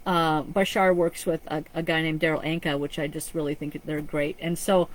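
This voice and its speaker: A woman's voice: low-pitched, little pitch movement, normal speed, rough recording. A woman psychic medium giving a live-streamed reading, talking in an earnest, rambling way with frequent restarts. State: choked up with emotion.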